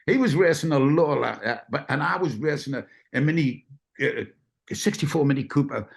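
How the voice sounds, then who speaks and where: A man's voice: a little high, expressive, a little fast. An older man, a guest telling rambling, self-deprecating racing stories in casual chat. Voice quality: gravelly.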